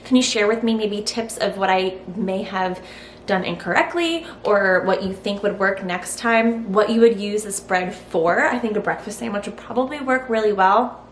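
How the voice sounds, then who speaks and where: A woman's voice: mid-range voice, moderate pace. Chatty woman in an echoey kitchen. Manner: chatty, frank, thinking aloud. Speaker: cooking vlogger. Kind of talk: casual recipe-testing vlog. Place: home kitchen. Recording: roomy kitchen echo, faint hiss.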